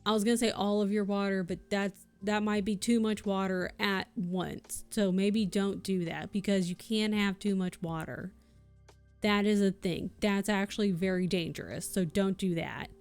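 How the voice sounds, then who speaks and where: A woman streamer in loose, unscripted chat, ranting and swearing as she goes. Her voice sits at an ordinary middle pitch for a woman. Soft music plays faintly behind her. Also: fairly even intonation, moderate pace, clear, resonant tone. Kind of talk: casual livestream chat.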